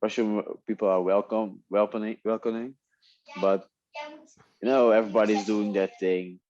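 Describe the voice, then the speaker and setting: A man whose first language is Dutch, telling stories in a relaxed way in a casual interview, often laughing. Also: fairly low pitch, normal speed, highs cut off. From Netherlands. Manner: relaxed storytelling with frequent laughs and restarts. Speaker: guest, MMA fighter.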